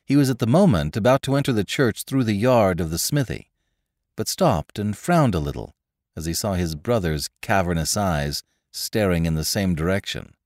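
A man giving an expressive scripted audiobook narration of a classic story. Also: low-pitched, moderate pace, no echo, studio quality.

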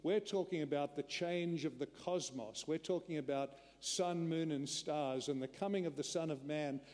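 A man preaching a sermon in an earnest way, slowing and dropping his voice to drive points home. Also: fairly high pitch, darkish tone. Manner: earnest, slows and drops his voice to stress a point. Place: church. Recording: long church reverb.

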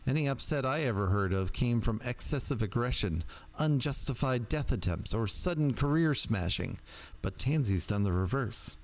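A man reading aloud, voicing a grim red-haired woman who talks calmly and gruffly. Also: medium pitch, moderate pace, natural voice. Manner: gruff whisper, calm.

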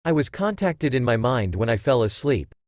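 A man's voice: medium pitch, very animated, normal speed, a little mellow, no echo, natural voice. A man voicing a hesitant young boy ninja who speaks simply and earnestly. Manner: hesitant, then firm.

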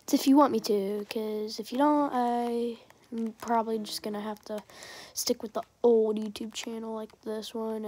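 A woman's voice: fairly high pitch, warm tone. A young woman giving rambling, chatty gameplay commentary and pleading with viewers to subscribe. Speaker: gaming channel creator.

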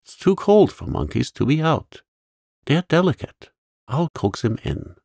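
A man voicing a kind, imaginative young girl who talks in a soft, coaxing, crooning way. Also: on the low side, very animated, takes it slowly, gravelly, no echo, studio quality, pitched above the performer's own voice, exaggerated voice. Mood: joyful, coaxing.

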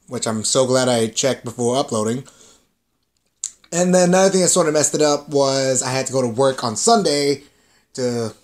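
A young man hosting a gaming channel, chatting casually to viewers in a rambling way, with many fillers and some swearing. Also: fairly high pitch.

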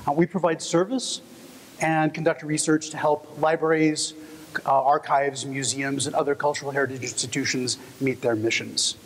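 A man's voice: fairly high pitch, flat delivery, moderate pace. A man from Texas giving a conference presentation, friendly and personal, telling stories with fillers. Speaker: conference speaker. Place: conference hall. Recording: echoey hall, long reverb.

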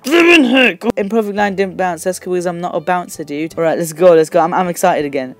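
Teen male gaming host, excitable commentary, loud squeals and quick mumbles, faint music bed. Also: high-pitched. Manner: shouts and squeals in excitement, then drops to quick mumbled asides.

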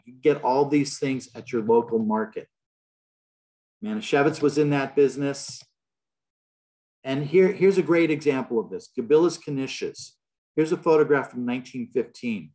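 A man's voice: medium pitch, darkish tone. A man giving an illustrated public lecture in a large hall, telling stories with a wry, joking manner.

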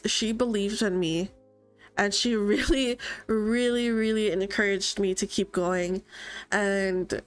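A woman's voice: a little high, a bit bright. A young woman live-streaming a life-sim game, chatting casually, reading chat aloud, gasping and laughing often. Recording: game music faint behind.

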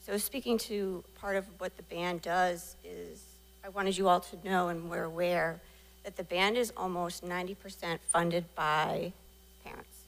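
A woman's voice: fairly low pitch, little pitch movement, a little slow, creaky, poor audio. A woman, treasurer of a parent booster group, giving an earnest, emotional public comment at a school board meeting.

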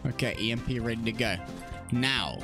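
A man's voice: medium pitch, normal speed. A man giving comedic, sarcastic voice-over commentary on an esports match, swearing and laughing as he goes. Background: background music.

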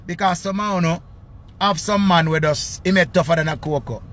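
A Jamaican man giving loud, excitable commentary on his channel, often repeating his phrases. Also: on the high side, brisk, slight background noise. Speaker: vlogger. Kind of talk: casual commentary.

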